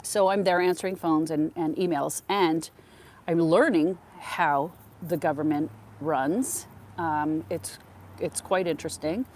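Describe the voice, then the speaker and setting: A middle-aged woman tells stories as a podcast host, her voice sitting low and deep for a woman. She rambles casually and slips into other people's voices when she retells conversations. A faint hiss runs under the recording. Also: steady tone, measured pace, darkish tone. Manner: chatty, acts out quoted conversations. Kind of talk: casual storytelling monologue.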